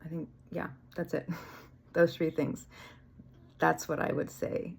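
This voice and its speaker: Woman, spiritual vlogger, low voice, gravelly fry, candid, rambling, swears casually. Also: level tone, takes it slowly, a little hiss or hum. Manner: candid, rambling, swears freely, laughs at herself. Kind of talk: casual spiritual vlog monologue.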